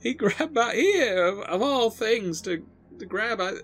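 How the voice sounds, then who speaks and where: A man's voice: sits high, lively intonation, measured pace, a bit bright, voice pushed up, full character voice. A man voicing a terrified young woman who stammers and sobs through her story. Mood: hysterical. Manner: hysterical, stammering, crying.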